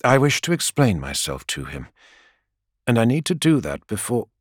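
A man voicing a noble warrior angel prince, speaking low, quiet and measured in a storybook reading. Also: big pitch swings, no echo, studio quality. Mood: calm resolve.

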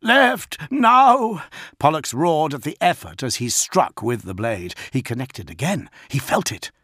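A man narrating an action audiobook in an intense, expressive way. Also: mid-range voice, normal speed, breathy edge, no echo, clean studio sound.

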